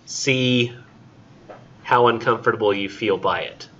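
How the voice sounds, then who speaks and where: A man's voice: fairly low pitch, a little slow, fairly bright tone, a little hiss or hum. A man teaching a college literature class in a casual, chatty way, leaning heavily on "like" as he talks about poems. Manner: casual and chatty, heavy use of "like". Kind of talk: classroom lecture with poetry reading. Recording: dull lo-fi classroom recording.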